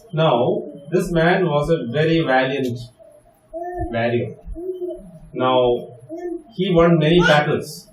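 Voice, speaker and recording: A man pastor preaching a sermon, telling a story and often checking with the listeners by asking "right?". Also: medium pitch. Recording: echoey room, distant mic.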